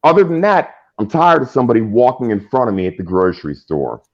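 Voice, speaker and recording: A man's voice: mid-range voice, quick pace. A man ranting on a livestream call, his voice leaping up and down as he swears. The sound is muffled and lo-fi, like remote call audio. He speaks in a loose, casual way. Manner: animated, swearing ranter. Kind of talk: casual chat.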